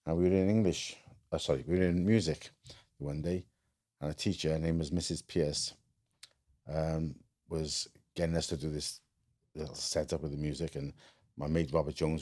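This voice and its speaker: Guest: man, very low warm voice, blunt and plain-spoken. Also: little pitch movement, moderate pace. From Wales. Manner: frank, matter-of-fact, many fillers and restarts. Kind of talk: casual storytelling.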